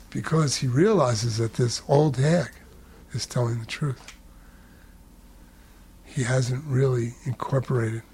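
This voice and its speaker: A man telling a spiritual story in a relaxed, conversational way, with humorous asides. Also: mid-range voice, a little slow, breathy edge.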